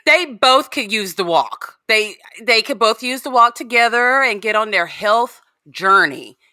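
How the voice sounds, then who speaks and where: A woman's voice: a little high, lively intonation, a little slow, sharp tone, dry recording, studio quality. A woman guest in a casual podcast chat, reacting with agreement, laughs and her own opinions.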